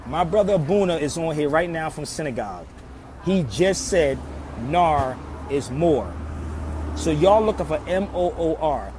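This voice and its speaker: Man, from Philadelphia, impassioned street monologue, emphatic, preachy, slightly high voice, traffic noise outdoors. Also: lively intonation, measured pace. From Philadelphia, USA. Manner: emphatic and preachy, repeating pleas. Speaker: social media commentator.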